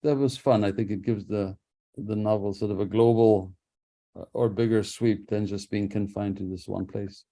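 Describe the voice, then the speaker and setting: Mellow-voiced man, thoughtful radio guest. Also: on the low side, fairly even intonation, normal speed. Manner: thoughtful, with frequent restarts and soft laughs. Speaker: author and guest. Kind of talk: radio interview. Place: radio studio.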